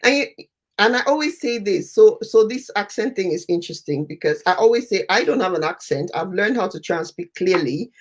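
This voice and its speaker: A woman from Nigeria co-hosting a casual chat, reacting in a lively, incredulous way and quickly agreeing. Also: medium pitch. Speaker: co-host.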